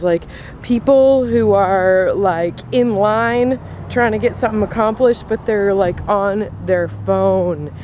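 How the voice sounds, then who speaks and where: A woman's voice: medium pitch, dark tone, a little hiss or hum. Chatty young woman venting casually. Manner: chatty, exasperated, many likes. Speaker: vlogger. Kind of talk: casual vlog chat.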